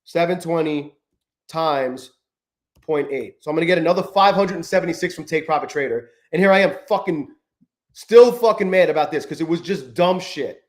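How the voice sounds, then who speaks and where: A livestreaming trader man whose voice sits on the higher side. His talk is loose and profane, full of self-directed frustration. Every so often he breaks off to greet viewers in the chat by name. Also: normal speed. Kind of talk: live-stream chat while trading.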